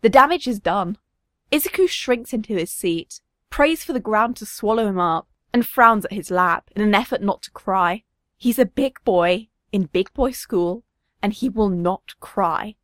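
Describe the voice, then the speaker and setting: A woman narrating a story, reading with expressive, varied intonation. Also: mid-range voice, unhurried, dry recording.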